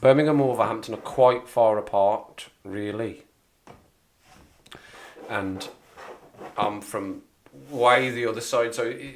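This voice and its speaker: A man from the Black Country with a local accent, chatting casually and rambling on a livestream. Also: medium pitch. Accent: Black Country English. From England, Black Country. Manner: rambling, chatty, repeats himself. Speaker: livestream host. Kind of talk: casual chat with live chat.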